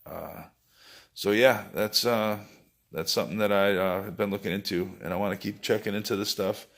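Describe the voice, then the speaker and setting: A man's voice: fairly low pitch, fairly even intonation, moderate pace, a bit bright. A man talking in a casual, rambling monologue, wandering between thoughts and swearing freely.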